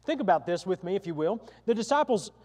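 A man's voice: high voice, sing-song, quick pace, a little mellow, in a large hall. A male pastor delivering a sermon, emphatic and given to repeating his phrases.

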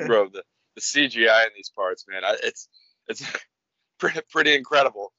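A man co-hosting a podcast in casual, profane chat, excitable and stammering. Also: medium pitch, normal speed, no room sound. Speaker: podcast co-host. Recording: dull, dry lo-fi recording.

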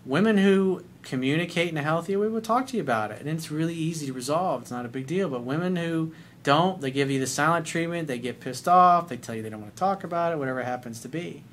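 Profane middle-aged male dating coach, blunt and animated, fairly high voice. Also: fast, a little hiss or hum. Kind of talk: advice monologue.

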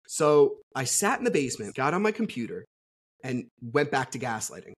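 Husky man telling a frank story. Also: mid-range voice, big pitch swings, moderate pace. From New Jersey. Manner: rambling, frank, swears freely, many fillers. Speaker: podcast guest. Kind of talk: casual storytelling interview.

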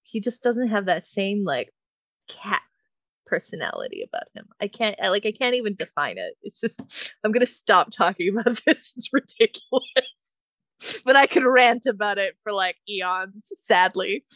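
A woman's voice: medium pitch, expressive, moderate pace, a bit bright, no room sound, dull audio. A woman co-hosting a casual podcast, rambling, swearing freely and laughing often. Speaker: podcast co-host. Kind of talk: casual chat.

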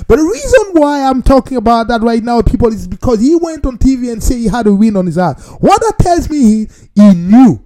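Man, football commentator vlog, mellow voice, very lively pitch, keeps addressing viewers as "people.". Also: fairly quick, hardly any pauses. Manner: animated, repetitive, talks straight to viewers as "people". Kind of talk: casual football opinion monologue.

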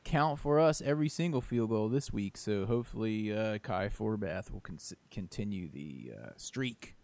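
Animated guy on a sports podcast, super dry mic sound. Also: on the low side, moderate pace, no echo. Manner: animated, wry. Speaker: podcast co-host. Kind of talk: casual sports chat.

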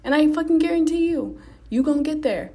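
A woman's voice: high-pitched, animated, a little fast, warm tone. Blunt, cursing woman podcast host. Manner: blunt, profane, pep-talk delivery. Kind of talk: motivational solo podcast monologue.

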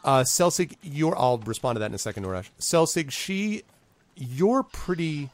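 A man's voice: mid-range voice, big pitch swings, brisk. A man narrating a tabletop game as game master, rambling and hesitant, full of fillers.

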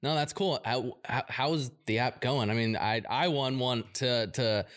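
A man with an ordinary mid-range voice asks questions in a relaxed interview. He feels his way through his sentences and often restarts them before landing the point. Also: medium pitch, unhurried. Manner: loose, searching phrasing with many restarts. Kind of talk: casual interview chat.

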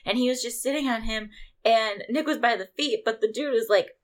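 A woman co-hosting a casual podcast, telling lively stories and laughing often. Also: a little high, brisk. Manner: animated storytelling, acts out voices, laughs often. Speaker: podcast co-host, scorekeeper. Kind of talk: casual chat.

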